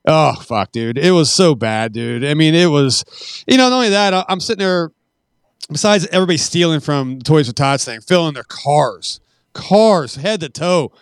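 A man's voice: fairly high pitch, expressive, normal speed, smooth, no room sound. A retired Marine man in his forties telling rambling, profane war stories in a casual podcast interview.

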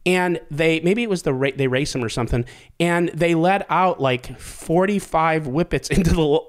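A man's voice: on the high side, normal speed. A man hosting a podcast, telling a story in casual chat with lots of swearing and laughter. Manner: animated, swearing, laughs at his own story. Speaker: podcast host.

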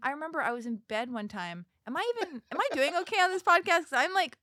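Bright-voiced chatty woman telling stories. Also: high voice, animated, fast talker, dry recording, studio quality. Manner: chatty, storytelling, laughs loudly, swears. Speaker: podcast guest. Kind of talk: casual chat. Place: podcast studio.

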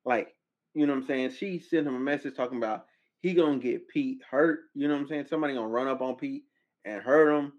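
Male podcast host, slangy and incredulous, mid-pitch voice, slightly dull lo-fi audio. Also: quick pace. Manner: animated, incredulous outbursts, slangy. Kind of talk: casual commentary.

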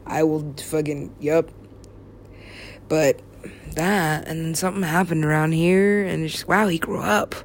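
A young woman rambles slowly to herself, her voice gravelly, cursing freely and sometimes sinking to a whisper. A faint hiss sits under the recording. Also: deep voice, fairly even intonation. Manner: rambling, profane, talks to herself, drops to whispers. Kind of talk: rambling solo talk.

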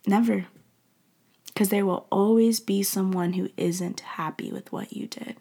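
A woman's voice: medium pitch, fairly even intonation, measured pace, gravelly, mellow, slightly rough. A young woman giving a heartfelt faith talk to listeners, emotional and often dropping into a whisper, with many "like" fillers. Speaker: faith speaker.

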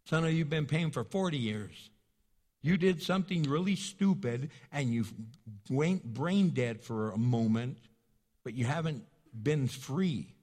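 A man preaching with emphatic, repetitive phrasing and a fairly high voice. He acts out small scenes between his points to draw the congregation in. The sound trails off in a long hall reverb. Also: expressive, measured pace, darkish tone. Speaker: pastor. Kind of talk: sermon.

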